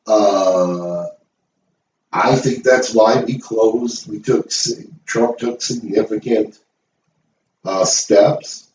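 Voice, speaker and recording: A man's voice: on the low side, darkish tone, slight background noise. A middle-aged man hosting his own show, ranting to the camera in a blunt, profane, emphatic way. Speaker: host. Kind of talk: opinion rant to camera. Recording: roomy, distant, dull sound.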